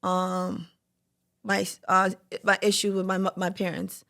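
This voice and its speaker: Candid young woman with gravelly fry. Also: mid-range voice, measured pace. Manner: candid, lots of "like" fillers, animated quoting. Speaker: podcast host. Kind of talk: personal faith testimony, casual talk.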